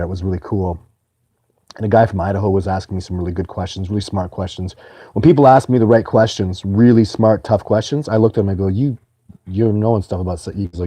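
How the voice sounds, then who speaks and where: A man's voice: low voice, dark tone, no echo. A man hosting a live stream, answering viewer questions in a casual, earnest and rambling way. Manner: earnest, rambling, many restarts.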